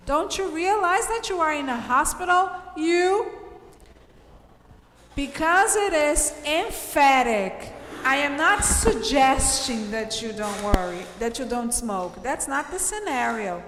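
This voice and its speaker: A woman teaches an English grammar lesson, speaking slowly and stressing her points. Her voice sits high, and the recording sounds roomy with a long echo and faint ambience behind her. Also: a bit bright, a little hiss or hum. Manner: emphatic, explains slowly with checks of "okay?". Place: classroom.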